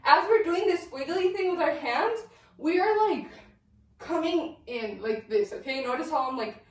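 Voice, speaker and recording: A woman's voice: high voice, expressive, moderate pace. A young woman teaching a dance step by step, counting beats aloud in an upbeat, chatty way. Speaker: dance instructor. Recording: echoey room, mic at a distance.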